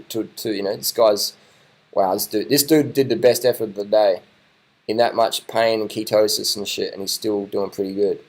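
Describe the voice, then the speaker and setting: A man talks over race footage in a loose, rambling way. His voice sits on the low side, and he gets excited, swears casually and keeps repeating himself as he reacts. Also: low-quality recording. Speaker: vlogger commenting on race footage. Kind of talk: casual live commentary over video.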